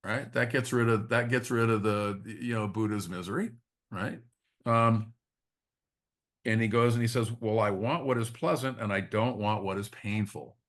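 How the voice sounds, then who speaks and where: A man leading a spiritual study group in a reflective teaching talk, often halting, repeating words and checking in with quick tag questions. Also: fairly low pitch, fairly even intonation, fairly bright tone.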